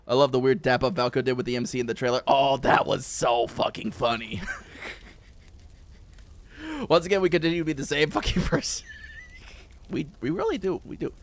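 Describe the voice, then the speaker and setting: A man's voice: mid-range voice, brisk, vocal fry, long pauses, no echo. A young man chatting and joking through a gaming stream, laughing often. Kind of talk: casual gaming stream chat.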